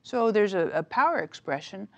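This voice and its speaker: A middle-aged woman, an author and minister, chatting as a talk-show guest, telling stories with animated energy and frequent laughter. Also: mid-range voice, moderate pace, gravelly, muffled recording. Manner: animated storytelling, laughs often. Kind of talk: casual talk-show interview.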